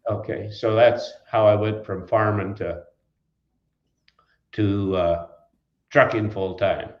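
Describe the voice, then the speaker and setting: A man's voice: fairly low pitch, fairly even intonation, slow pace. An older man from Wisconsin recalls his early days in a folksy, rambling way. He restarts his sentences and drifts between anecdotes. The room sounds echoey and the recording is a little dull. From Wisconsin, USA. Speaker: trucking company founder, guest. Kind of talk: storytelling in an interview.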